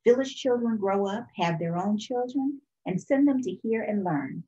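A woman reading a children's picture book aloud for storytime in a calm, expressive way. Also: mid-range voice, normal speed, muffled recording. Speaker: storytime reader.

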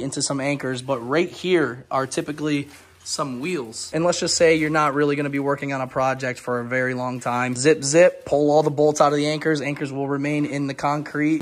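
A young man talking straight to his viewers in an upbeat, hypey way while vlogging about his cars on the go. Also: fairly high pitch. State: hoarse. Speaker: car vlogger. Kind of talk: casual vlog talk to camera.

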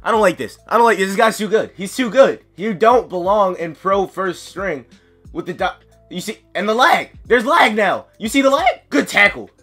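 Excitable guy yelling over a football game, high voice all over the place, sings his cheers. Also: normal speed, breathy edge, faint music behind. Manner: yells and chants, sings cheers, flustered self-talk. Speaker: gaming commentator. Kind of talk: excitable live gameplay commentary.

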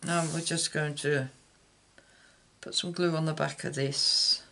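Slow gravelly man, rambling craft chat. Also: on the high side, flat delivery, pushed and bright. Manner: chatty, rambling, loses track mid-thought. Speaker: craft channel host. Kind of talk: casual card-making demonstration.

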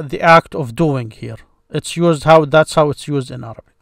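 Man, teacher, step-by-step grammar lesson, somewhat high voice, dry close sound. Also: dry recording. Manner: explains step by step, with some restarts.

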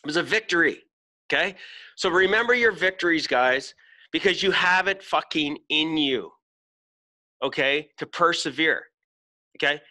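A man's voice: on the high side, expressive, normal speed, pauses often, bright, forceful tone. A middle-aged man hosting a podcast, giving a blunt, emphatic motivational talk full of swearing. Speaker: podcast host.

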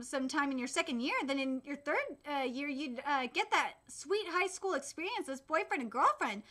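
Very high, bright-voiced woman streamer. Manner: excitable, shouting and swearing when thrilled; reads aloud with frequent slips and self-corrections. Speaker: streamer reacting to manga. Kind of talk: live manga read-aloud and reaction.

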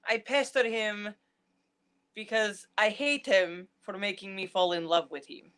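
A woman's voice: medium pitch, fairly even intonation, a little slow, fairly bright tone, clean tone, natural voice. Woman doing a brooding, lovesick young man. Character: needy young male musician, secretly in love.

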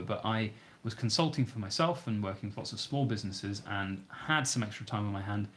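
A man with a British accent hosting a livestream, reading viewer questions aloud and answering in an easygoing, conversational way. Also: fairly low pitch. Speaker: channel host.

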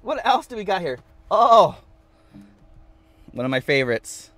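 A man's voice: high-pitched, sing-song, unhurried, a bit bright, no echo. Playful man chatting from his van. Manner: playful, repeats phrases, reads viewer comments aloud. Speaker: vanlife livestream host. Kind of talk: casual live-stream chat reading comments. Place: inside a van.

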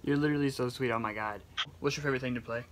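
A man's voice: medium pitch, very fast, slight background noise. A young man making casual, giggly phone calls for a video, laughing often and gushing with affection. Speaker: YouTuber making prank calls.

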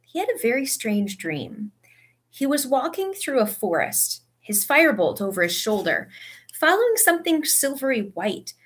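A woman reading a story aloud with expressive narration. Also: high-pitched, moderate pace, breathy edge. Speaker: audiobook reader.

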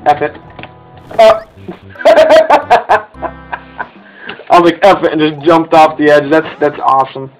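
A young man giving excited commentary over his gameplay, often jumping up into high yelps. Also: moderate pace, faint music behind, low-quality recording. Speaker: let's play gamer.

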